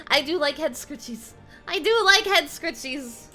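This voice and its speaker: Excitable high-voiced woman streamer. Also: a little slow, faint music behind. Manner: excitable, squealing, swears when shocked. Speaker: game streamer. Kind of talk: casual live-stream chatter while playing.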